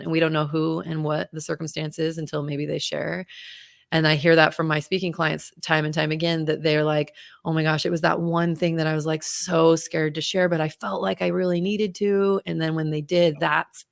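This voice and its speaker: A woman's voice: low voice, gravelly, no room sound, clean studio sound. A woman hosting a podcast and coaching speakers, talking in an encouraging, affirming way. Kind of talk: conversational interview.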